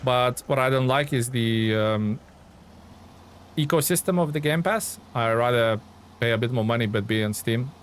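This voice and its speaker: An excitable man chatting casually on a live game stream. His voice sits in a middle pitch, and he talks readily to his viewers while he plays. Faint noise hums behind him. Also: normal speed.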